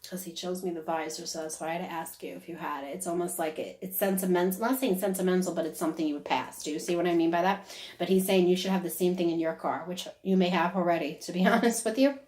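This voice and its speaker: A woman's voice: lowish voice, quick pace, a little mellow. A woman giving a casual psychic reading who talks on and on and keeps checking "is that correct?". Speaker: psychic medium. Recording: roomy echo.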